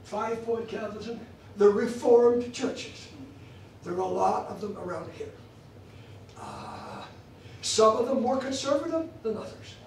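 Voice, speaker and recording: A man's voice: sits high, wildly swooping pitch, unhurried, slight background noise. A man teaching a church theology class, emphatic and repeating phrases for stress, recorded in an echoey church room from far off.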